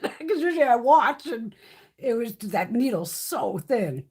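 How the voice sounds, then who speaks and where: A woman in her fifties talks casually to her live-stream viewers, swearing freely and telling animated stories. Her voice sits a little high and is somewhat husky. Her pitch swings widely as she talks. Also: moderate pace.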